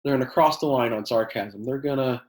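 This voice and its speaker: A man who teaches high school chemistry, leading a workshop for teachers in a conversational way with many fillers. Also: fairly quick, a little mellow, echoey room, rough recording. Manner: conversational, many fillers, acts out quoted exchanges; self-described sarcastic.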